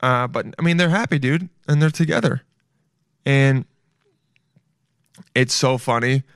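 A man's voice: mid-range voice, a little slow, smooth, no room sound, clean studio sound. A man hosting a podcast, riffing in casual comedic commentary, rambling, swearing and calling the listeners "dude". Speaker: podcast host.

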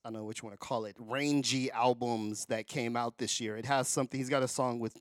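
Middle-aged male podcast co-host, casual and relaxed, close dry mic, mid voice. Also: medium pitch, brisk, dry recording. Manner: relaxed, filler-heavy, enthusiastic. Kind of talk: casual chat.

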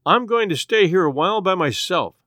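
A man's voice: sits high, animated, a little fast, sharp tone, no echo, clean studio sound, pitched above the performer's own voice. A man reading aloud voices a confident county attorney who speaks in an incisive, dismissive manner. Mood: brisk.

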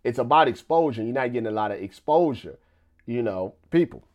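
Male live streamer, casual rambling chat, repetitive and conversational, middle-pitched voice. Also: expressive, a little fast, a little mellow. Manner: loose and conversational, stacks up "you know" and repeats himself.

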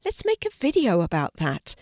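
A woman's voice: on the low side, wildly swooping pitch, normal speed, a little mellow, no room sound, clean studio sound. An older woman reading a storybook, voicing a cheerful, organised young schoolgirl in a lifted voice.

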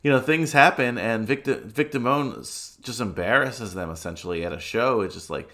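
With a lowish, slightly bright voice, fairly quick delivery, and lively intonation, this podcast co-host talks eagerly and at length while retelling scenes. The conversation is casual, and he comes across as an enthusiastic storyteller.

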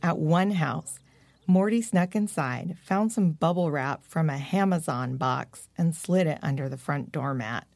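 A woman narrating a children's story in a gentle, expressive reading voice. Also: deep voice, measured pace, vocal fry, dry recording. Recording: dry close-mic recording.

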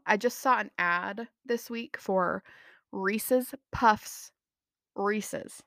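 Young woman podcaster, bubbly gushy chatter, mid pitch, super dry sound. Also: lively intonation, slow pace, fairly bright tone, dry recording. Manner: bubbly, gushing, self-laughing. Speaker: podcast host. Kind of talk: casual solo podcast chat.

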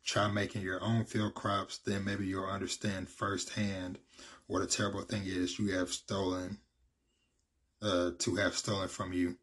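A man reading the lines of a bitter, defiant male farmer in his own low, husky voice. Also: little pitch movement, a little slow, fairly bright tone, full character voice.

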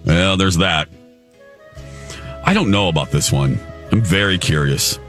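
A man's voice: deep voice, measured pace, fairly bright tone, faint music behind. A man co-hosting a morning radio talk show, bantering casually and joking at his own expense. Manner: joking, self-deprecating, chatty. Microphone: studio microphone.

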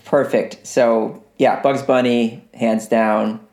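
A man's voice: medium pitch, flat delivery, takes it slowly, gravelly, a little mellow. A man chatting as a podcast guest, rambling and self-deprecating, laughing often. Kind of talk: casual chat. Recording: roomy echo.

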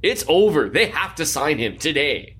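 A man's voice: on the high side, very animated, normal speed, a bit bright, husky. A man with a slightly raised voice co-hosts a casual sports podcast. He talks in a chatty, jokey way, rambling and restarting as the thoughts come. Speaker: podcast co-host.

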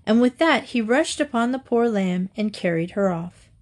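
A woman storyteller reading short fables aloud in a measured, deliberate way. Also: on the high side, expressive.

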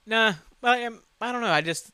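A man in his thirties hosting a solo podcast, ranting casually with heavy swearing and animated asides. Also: very high-pitched, moderate pace, smooth, dry recording. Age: 30s. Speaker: podcast host.

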